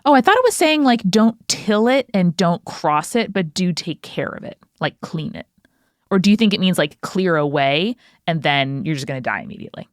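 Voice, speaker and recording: A woman co-hosting a podcast, reacting with quick, joking asides. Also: lowish voice, lively intonation, no room sound, studio quality. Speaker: podcast co-host. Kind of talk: casual chat.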